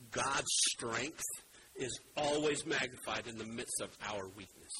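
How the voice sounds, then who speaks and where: Emphatic male preacher over steady hiss. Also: medium pitch. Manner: emphatic, building to loud dramatic emphasis. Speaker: pastor. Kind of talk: sermon.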